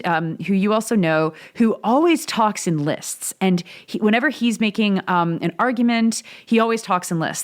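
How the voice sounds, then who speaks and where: Low-voiced woman musing on a podcast. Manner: thoughtful, musing, builds long reflective sentences. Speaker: podcast co-host. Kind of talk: casual conversational podcast chat.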